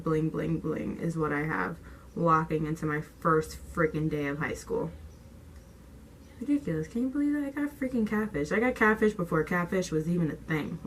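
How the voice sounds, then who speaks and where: A woman's voice: on the low side, slight background noise, low-quality recording. A young woman vlogger telling a storytime tale in slangy, casual talk, swearing freely and acting out what people said. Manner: animated, slangy, swears freely, acts out quotes.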